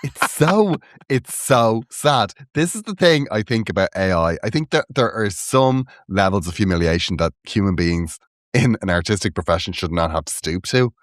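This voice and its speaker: A man co-hosting a comedy podcast, chatting casually and breaking into high laughs and mock voices. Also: expressive, moderate pace, dry recording, studio quality. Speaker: podcast co-host.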